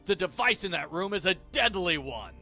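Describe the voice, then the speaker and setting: A gruff, short-tempered older security guard who shouts every line, as a man puts him on. The voice is bright and forceful, and the pitch swings widely. It sounds like a storybook reading. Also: very animated, normal speed, soft background music, full character voice. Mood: furious. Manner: loud, shouting lectures.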